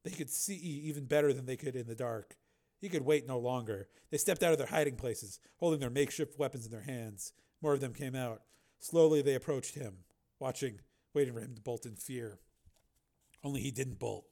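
A man reading a science fiction audiobook aloud, steady and even, now and then correcting a slip. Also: mid-range voice, normal speed, gravelly. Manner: steady storytelling with occasional slips and self-corrections. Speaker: narrator. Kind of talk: audiobook narration.

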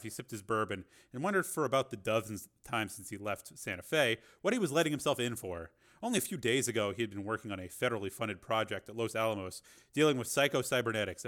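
A man's voice: on the low side, fairly bright tone. A man narrating a novel as an audiobook, reading steadily with the odd filler.

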